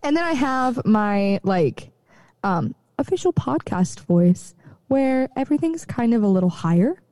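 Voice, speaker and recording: Laughy chatty woman, mellow tone, dry close sound. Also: a little high, a little slow, no room sound. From rural area. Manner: chatty, laughs often, animated. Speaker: podcast co-host. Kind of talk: casual chat.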